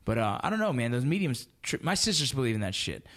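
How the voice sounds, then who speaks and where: A man in his thirties telling stories in casual podcast chat, animated and profane with lots of slang. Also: mid-range voice, fast talker.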